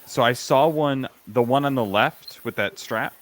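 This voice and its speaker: A man's voice: medium pitch, unhurried. A man hosting a casual chat, blunt and wry with strong opinions. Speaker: host.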